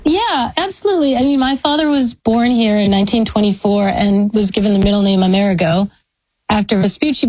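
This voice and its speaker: A woman's voice: mid-range voice, darkish tone, no room sound, poor audio. An American woman historian giving long, thoughtful, academic answers in an interview. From United States. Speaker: historian, guest. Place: speaking from a law school.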